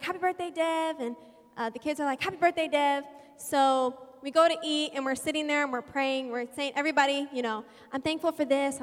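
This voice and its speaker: A woman with a high, bright-pitched voice tells a chatty, heartfelt story to her church family. Her words ring out with a long reverb in a large hall. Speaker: church member sharing a story. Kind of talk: casual storytelling to a congregation.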